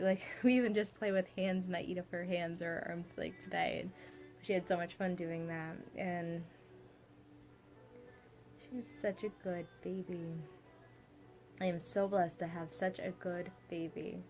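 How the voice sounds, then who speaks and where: Young mom, home vlog, slightly low voice, wandering and filler-heavy. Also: female voice, level tone, normal speed, darkish tone, faint music behind. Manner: rambling, many fillers like "you know". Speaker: vlogger, mother.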